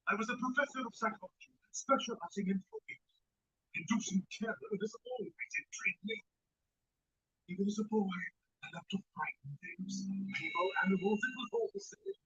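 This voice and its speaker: Cartoon villain: a cold, gloating ex-professor of fear. He swings wildly up and down, bright and edgy, over dull, muffled sound. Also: high-pitched, wildly swooping pitch, moderate pace, husky, no room sound, full character voice. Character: menacing male villain, former psychology professor.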